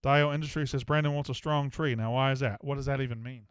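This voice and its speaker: A man hosts a loose sports talk show, wandering through his thoughts with jokes and swearing. His voice is smooth and clear at a middle pitch. It is recorded dry, with no room sound. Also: fairly even intonation, fast, no room sound. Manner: rambling, profane, joking. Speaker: host.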